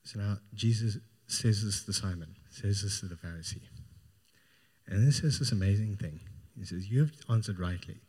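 A man's voice: on the low side, moderate pace, darkish tone, breathy edge. A man preaching a sermon, retelling a Gospel story in an informal, storytelling way. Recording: long hall reverb.

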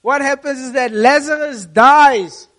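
A man preaching a sermon to a congregation as a youth pastor, telling the story in a lively way and repeating key phrases for emphasis. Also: extremely high pitch, a little slow.

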